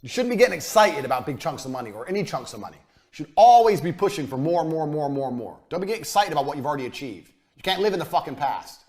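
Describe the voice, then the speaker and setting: Blunt, profane man with a lively voice. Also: a little high, fast talker. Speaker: business coach. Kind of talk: motivational business lesson.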